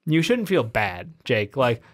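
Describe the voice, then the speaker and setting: A man's voice: mid-range voice, sing-song, slow, fairly bright tone. Young male co-host, mid-range voice, confident and joking sports talk. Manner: confident, bold predictions, joking. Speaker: podcast co-host. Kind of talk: casual sports chat.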